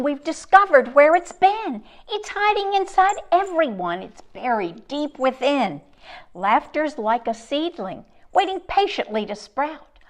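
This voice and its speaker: A woman reading the part of a kindly male court jester in a storybook, speaking gently and sometimes in a hush. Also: sits high, pitched above the performer's own voice. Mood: joyful. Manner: gentle, sometimes hushed and whispering.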